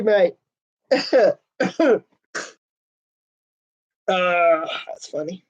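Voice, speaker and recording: A woman chatting casually with her viewers in a fairly high voice, full of crude swearing and giggles. The sound is dull and lo-fi, as if from a modest home mic. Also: unhurried, pauses often. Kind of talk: casual chat.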